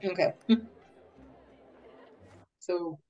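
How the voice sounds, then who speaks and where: A woman's voice: lowish voice, drawn-out words, warm tone, soft background music, some chatter behind. A woman playing a tabletop game, chatting in a hesitant, unsure way as she works out her rolls. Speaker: player. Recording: dull lo-fi audio.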